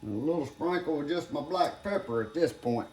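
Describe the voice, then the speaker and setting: A man's voice: on the high side, animated, brisk, darkish tone. An older man, chatting folksily to viewers as he cooks at home. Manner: folksy, talks to viewers as "guys" while working. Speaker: home cook. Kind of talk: casual cooking demonstration. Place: home kitchen. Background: faint sizzling and clatter of pots.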